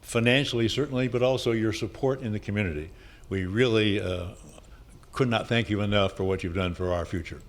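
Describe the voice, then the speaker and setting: An older man giving an earnest, measured public comment in a community hall. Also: fairly low pitch. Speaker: historical society president.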